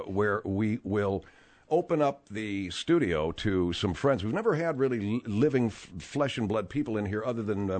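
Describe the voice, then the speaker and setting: A man hosting a comedy talk radio show from a studio, with brisk announcer plugs. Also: lowish voice, darkish tone. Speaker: radio host.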